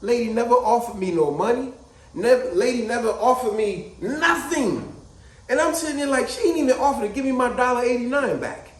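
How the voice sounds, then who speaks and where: A middle-aged vlogger tells a story casually and with animation, acting out the voices of the people in it. His voice is very high and brisk, and the room sounds echoey.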